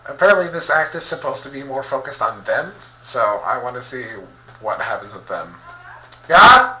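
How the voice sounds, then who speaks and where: A man hosting a let's play, reading a visual novel aloud and reacting with excitable, animated commentary. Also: mid-range voice, brisk, reverberant, a little hiss or hum, rough recording.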